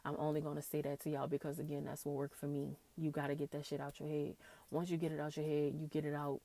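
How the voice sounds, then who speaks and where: Woman podcast host, low gravelly voice, impassioned, repeats herself, tearful. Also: monotone, fast, dark tone. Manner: impassioned, ranting with repeated phrases and slang. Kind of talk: emotional solo podcast monologue.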